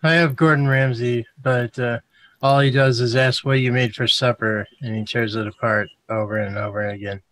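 A man's voice: mid-range voice, steady tone, normal speed, a bit bright. A man hosting a casual group chat about vaping, laid-back and joking, with some swearing. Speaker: vaping show host.

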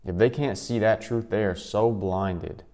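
Deep-voiced blunt man commenting. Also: unhurried, a little mellow. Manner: blunt and scornful. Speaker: commentary vlogger. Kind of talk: casual reaction commentary.

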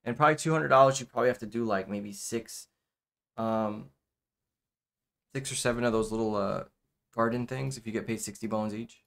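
A man's voice: mid-range voice, a little fast, gravelly, long pauses, a bit bright. A man giving casual let's-play commentary, rambling with lots of fillers and repeated "okay.". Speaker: gameplay commentator.

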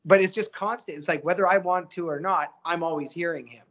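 A middle-aged voice actor chatting as a guest, animated and motivational, often acting out the quotes he tells. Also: on the high side, fairly quick. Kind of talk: casual interview chat.

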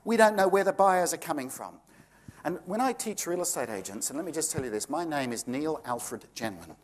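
A man's voice: fairly high pitch, big pitch swings, moderate pace. Sarcastic Australian man lecturing a seminar. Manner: combative, sarcastic, full of rhetorical questions. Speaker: seminar presenter. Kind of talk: live seminar talk. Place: seminar room with a live audience.

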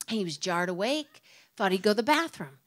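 A woman tells a comic story from the stage in a middle-pitched voice. She is animated and vivid, and she leaps up high and loud whenever she acts out a line of dialogue. Her telling builds steadily toward bursts of comic outrage. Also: a little fast. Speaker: storyteller comedian. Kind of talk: stand-up storytelling.

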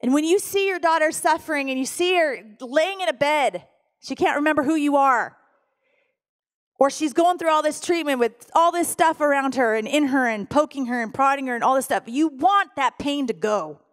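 Preaching at a moderate pace, this middle-aged pastor has a voice that sits high. Her sermon turns to a deeply emotional personal story in which she reenacts her own desperate prayers.

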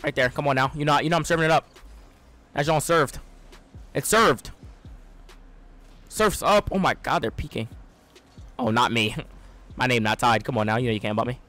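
A young man giving excitable, trash-talking live commentary on his own gameplay, swinging between loud outbursts and low mutters. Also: moderate pace, pauses often, soft background music. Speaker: gaming streamer.

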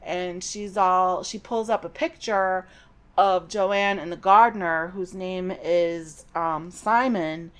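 A woman's voice: on the low side, takes it slowly, clean tone. Chatty middle-aged woman recapping a book. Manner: chatty and digressive, with personal asides. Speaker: podcast host recapping a novel.

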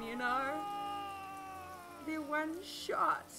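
A woman with a New Zealand accent talks casually over a video game, joking and swearing at what she sees. Her voice sits a little high, and music plays clearly behind her. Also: very animated, slow. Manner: chatty, swears, jokes at the screen. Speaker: let's play host. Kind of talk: casual gameplay commentary.

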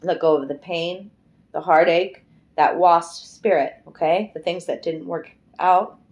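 Woman, middle-aged, tarot reader, casual card reading, chatty and emotive, loose swearing, somewhat low voice. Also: fairly even intonation, unhurried. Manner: chatty and emotive, breaks into singing.

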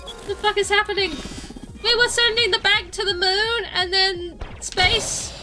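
Woman game streamer, high voice, excitable and sweary, loud game music behind. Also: unhurried. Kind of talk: casual gameplay commentary.

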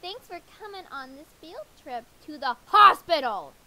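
A woman voicing a bossy woman teacher leading kids on a field trip, announcing in a loud, chirpy way. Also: extremely high pitch, very animated, moderate pace, pitched above the performer's own voice, heavily acted, low-quality recording.

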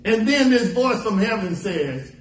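A man's voice: high voice, sing-song, measured pace. A man preaching a sermon as pastor, mixing folksy stories and dramatic quoted lines. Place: church sanctuary. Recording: echoey church recording from a distance.

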